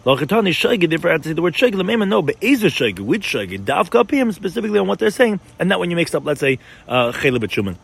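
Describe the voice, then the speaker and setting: Fast-talking man teaching Talmud. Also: on the high side, big pitch swings, gravelly, fairly bright tone, slightly rough. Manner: rapid, mixes Hebrew-Aramaic terms with English, frequent repeated words. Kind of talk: Talmud class explanation.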